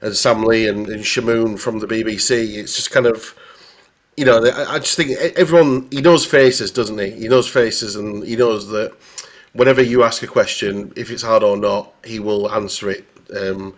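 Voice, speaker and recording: A man's voice: lowish voice, steady tone, normal speed. A man with a Northern English accent, a football journalist chatting casually on a podcast, rambling with many restarts. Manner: rambling, full of restarts and "you know".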